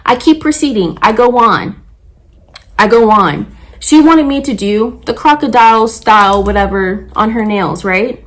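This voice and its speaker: A woman's voice: fairly high pitch, lively intonation, moderate pace, a bit bright. A young woman nail artist telling a story about a client in a casual, heated, profane rant.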